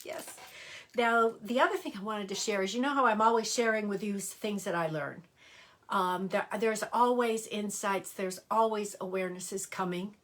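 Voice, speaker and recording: An older woman talks to her viewers on a live stream in a casual, chatty way. She speaks at an ordinary pitch for a woman and often restarts her sentences. She greets people by name as she talks. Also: a bit bright. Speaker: astrologer hosting a live stream. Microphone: computer or phone live-stream mic.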